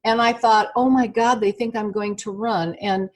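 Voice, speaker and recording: A woman being interviewed over an internet call, telling a personal story in an animated, halting way with many fillers and restarts. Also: medium pitch. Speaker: interview guest.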